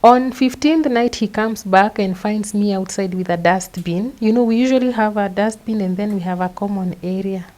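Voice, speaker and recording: A young adult woman with a Kenyan accent, a guest recounting her own story in halting, step-by-step speech with frequent repeated words. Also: medium pitch, mellow, rough recording. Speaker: interview guest. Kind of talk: personal testimony.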